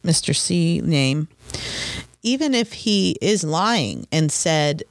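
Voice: medium pitch, animated, takes it slowly, no room sound. A podcast co-host chatting casually and talkatively, often acting out other people's lines. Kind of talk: casual chat.

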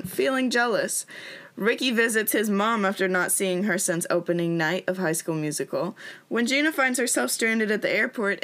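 A woman's voice: mid-range voice, a bit bright. Young woman, podcast co-host, chatty, laughs a lot, morning voice. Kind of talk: casual chat.

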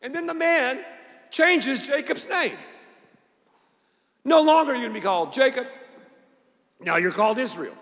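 A pastor with a fairly high voice gives a lively sermon at a moderate pace with long pauses. He acts out the voices and quotes in his story and drives points home with punchy repetition. His voice rings with the long reverb of a large hall.

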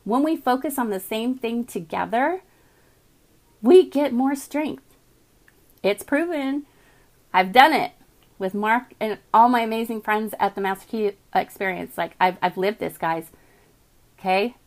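A woman's voice: fairly high pitch, a little slow, long pauses. Enthusiastic woman hosting an inspirational live stream. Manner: enthusiastic, chatty, addresses viewers as guys. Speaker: host.

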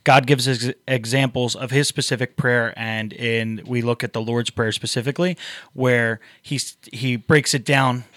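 A man who leads a youth group, talking casually about faith on a podcast, animated and quick to laugh. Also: mid-range voice, no echo. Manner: animated, laughs often, acts out quotes. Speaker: youth pastor.

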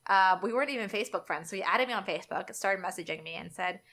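A young woman, telling a dating story in casual chat and acting out the quotes with big jumps in pitch. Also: quick pace, a bit bright.

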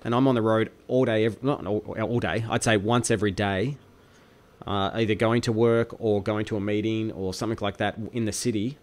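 A man's voice: lowish voice, steady tone, brisk. Laid-back Australian man chatting. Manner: laid-back, matter-of-fact, Aussie slang. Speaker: stream host. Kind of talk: casual chat.

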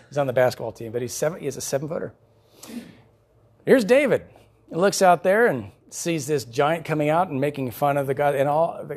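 A male pastor preaching a sermon, telling the story in an animated way with chuckles. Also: medium pitch.

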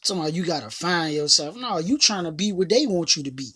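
A woman's voice: fairly low pitch, expressive, fairly quick, background noise. A woman hosting a casual motivational talk, who speaks emphatically and repeats her phrases in a slangy, conversational way. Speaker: motivational podcast host.

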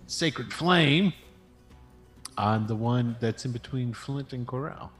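A man playing a tabletop game, describing his moves in an unhurried, halting way. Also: medium pitch, a bit bright, faint music behind. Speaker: player.

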